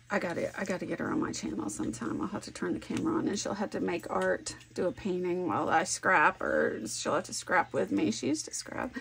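A woman chatting casually while she works on a scrapbook layout at home. She is animated, thinks aloud and laughs often. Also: lowish voice, creaky, breathy edge. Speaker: scrapbooking vlogger. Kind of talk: casual chat while crafting.

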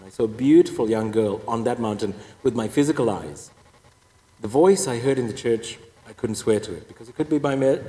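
A man's voice: medium pitch, warm tone. A priest giving a personal testimony talk, telling his story with wry, self-deprecating humor. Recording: echoey hall reverb.

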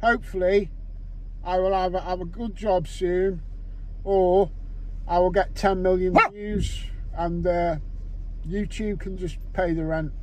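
A man's voice: high-pitched, steady tone, a little slow, a little mellow, a little hiss or hum. A man with a Scouse accent talking casually to camera while driving, rambling and swearing a lot as he jokes with his viewers. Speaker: vlogger. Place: in a car, driving. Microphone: camera mounted on car window.

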